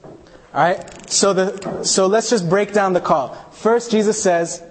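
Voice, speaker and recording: A man's voice: high-pitched, slow, a little hiss or hum. A man preaching a sermon, telling a personal story and acting out the voices of people he quotes. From New York, United States. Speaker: pastor.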